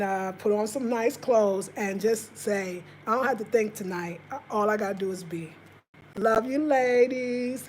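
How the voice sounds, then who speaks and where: A woman's voice: on the high side, a little mellow, a little hiss or hum. A woman chatting casually on a live stream, talking straight to her viewers and answering their comments. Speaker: vlogger reading live chat.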